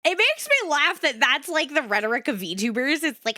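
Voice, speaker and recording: A young woman streaming as a VTuber, talking casually to her chat in a bright, fairly high voice. Her pitch swings widely as she shifts between upbeat energy and a flatter, low-key delivery. The sound is close and dry. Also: moderate pace, no room sound.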